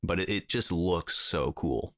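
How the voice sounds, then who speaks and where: A young man with a very low, gravelly voice, chatting loosely on a podcast with plenty of filler words. The sound is dry and close. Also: expressive, measured pace, fairly bright tone, no echo. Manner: rambling, lots of fillers. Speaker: podcast co-host. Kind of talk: casual chat.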